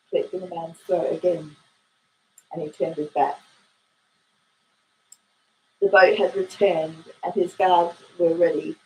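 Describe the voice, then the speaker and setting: A woman with an Australian accent, reading a classic novel aloud at an unhurried, expressive pace. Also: medium pitch, rough recording. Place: home in Ireland.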